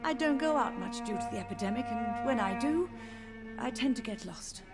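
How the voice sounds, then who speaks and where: An actress voicing a frail old mother speaks in a rather high, lilting voice that rises and falls widely. She sounds gentle and dreamy, lost between tenderness and grief. Loud game music plays underneath. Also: animated, moderate pace, lightly acted. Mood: confused, tender. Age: older. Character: frail confused elderly mother, grieving and wandering in mind.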